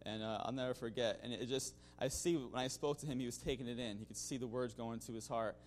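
A man's voice: medium pitch, steady tone, fast talker, a little hiss or hum. A man giving a spoken testimony to his congregation in a loose, conversational way, full of "you know" fillers, restarts and the odd chuckle. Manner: chuckles now and then. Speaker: church member giving a mission-trip testimony.

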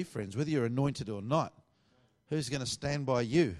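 A man's voice: medium pitch, expressive, brisk, darkish tone. A middle-aged man, preaching a sermon as a pastor and telling a story with lots of quoted dialogue. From Australia.

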